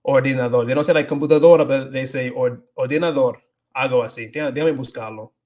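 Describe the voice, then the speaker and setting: A man's voice: medium pitch, fairly even intonation, fast talker, darkish tone. A man hosting a casual livestream, rambling with many restarts, switching between English and Spanish and reading viewer comments aloud. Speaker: livestream host.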